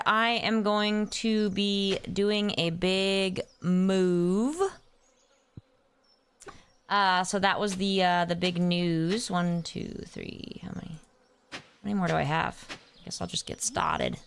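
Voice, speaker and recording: Taking it slowly in a steady, mid-range voice that's clear, resonant, and a bit bright, a young woman streams a game. She chats casually and playfully, hums nonsense sounds, gets distracted, and replies to chatters by name.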